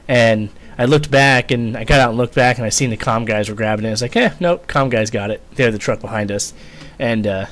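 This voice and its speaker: A man's voice: mid-range voice, steady tone, brisk, hardly any pauses, a bit bright. Profane rambling man telling a story. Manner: rambling, profane, lots of fillers. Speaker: vlogger, former Marine. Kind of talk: casual storytelling.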